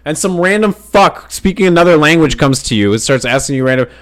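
A man co-hosting a podcast in casual chat, animated and swearing, acting out voices loudly. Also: fairly high pitch, fairly quick. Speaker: podcast co-host.

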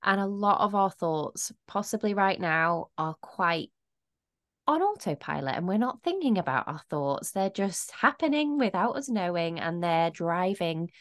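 A woman's voice: fairly low pitch, expressive, unhurried, no echo, studio quality. Upbeat motivational woman podcast host. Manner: upbeat, motivational, laughs often. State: out of breath. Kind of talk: casual podcast chat.

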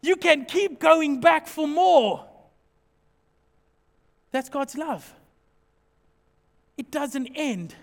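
A man preaching a sermon as pastor, animated and jokey, acting out small everyday scenes as he talks. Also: extremely high pitch, very slow, creaky, long pauses, big-room sound.

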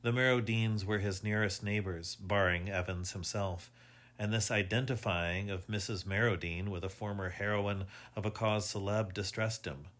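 A man reading a mystery story aloud in measured, scripted narration. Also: fairly low pitch, fairly even intonation, a bit bright.

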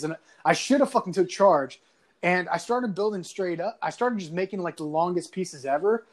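A young man with a notably high-pitched voice rants through a high school grudge story, cursing freely and laughing as he goes. His delivery is animated and loose, like casual chat among friends. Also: fairly quick. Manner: animated, swearing often, laughing through lines. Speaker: podcast guest telling a story.

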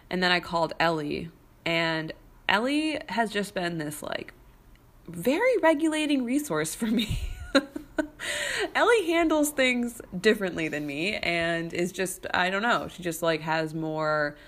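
A young woman telling a story in a casual monologue, animated and chatty, with many fillers and restarts. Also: fairly low pitch.

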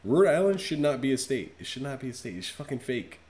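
A man talking on a casual music podcast. He rants with mock outrage and swears freely. His voice sits at an ordinary, mid-range pitch. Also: sing-song, a little fast, darkish tone. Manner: profane, ranting, mock-outraged.

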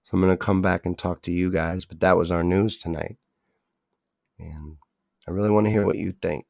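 A man's voice: sits low, flat delivery, moderate pace, vocal fry, a little mellow, dry recording, clean studio sound. A man hosting a live online show, talking casually to viewers, reading their comments and getting heated and swearing. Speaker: host. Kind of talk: casual livestream talk, reading chat.

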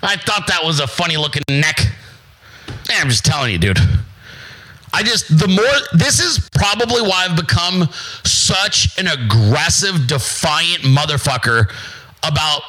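Male host, forties, profane defiant rant, slightly high, bright voice. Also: lively intonation, measured pace, poor audio. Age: 40s. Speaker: livestream host. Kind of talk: casual ranting monologue.

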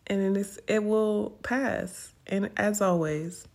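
Slow-talking woman podcaster, candid and profane. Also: medium pitch, fairly even intonation, darkish tone. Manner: candid and profane, laughs often. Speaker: podcast host. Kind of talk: casual personal monologue.

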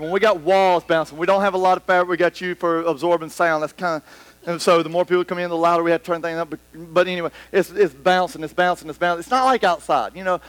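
Preacher guy, high voice, super lively, dry close mic sound. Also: no room sound. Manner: animated, rambling, acts out scenes. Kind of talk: sermon. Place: church hall with about a hundred people. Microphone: microphone.

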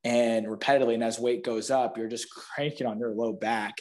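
A man's voice: medium pitch, steady tone, a little fast, a little mellow. A man talking as a guest physical therapist in a casual podcast chat, rambling and filling his sentences with "like". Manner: rambling, heavy use of "like".

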